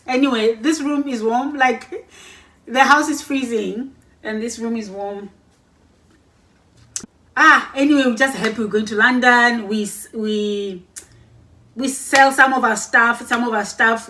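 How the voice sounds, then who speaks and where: A woman's voice: on the high side, a little slow, pushed and bright. Chatty woman telling a story to camera. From Lesotho. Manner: chatty, acts out both sides of dialogues, often corrects herself. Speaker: vlogger. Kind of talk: casual storytime. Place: warm room in a cold house. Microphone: camera across the room.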